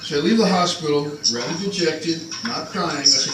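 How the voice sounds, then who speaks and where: A man's voice: on the high side, moderate pace, very noisy. A tired older man from New Jersey, rambling and joking in a vlog monologue. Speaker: vlogger. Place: grocery store cafe. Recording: roomy, distant phone mic, loud music.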